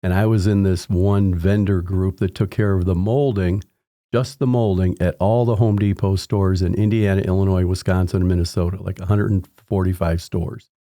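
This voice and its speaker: A man in his sixties speaks in a low, mellow voice as a podcast guest, winding through long anecdotes full of restarts. His voice sounds dry and close, with no room sound behind it. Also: steady tone, normal speed, no echo. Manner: rambling anecdotes with frequent restarts, acting out quoted people in raised voices. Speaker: podcast guest, home inspector. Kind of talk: casual storytelling interview.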